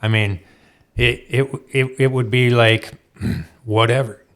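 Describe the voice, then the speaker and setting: A man telling racing stories as an interview guest in a studio, animated and laughing often as he acts out other people's lines. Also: mid-range voice, slow. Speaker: guest, off-road racer. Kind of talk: storytelling interview chat.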